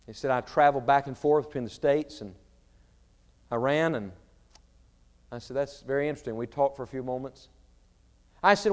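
A man preaching a sermon, swinging between shouted fervor and quiet storytelling. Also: medium pitch. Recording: reverberant large hall.

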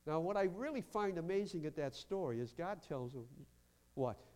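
A man preaching a lively sermon as pastor in a church, acting out quotes and breaking into shouts. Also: fairly high pitch, fairly quick. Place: church sanctuary. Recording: long hall reverb.

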